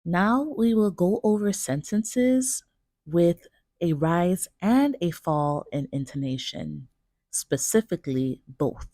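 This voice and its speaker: An American woman teaching pronunciation, reading example sentences slowly with exaggerated rising and falling intonation. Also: lowish voice, expressive, warm tone, no room sound, clean studio sound. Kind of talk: slow, deliberate example sentences for learners.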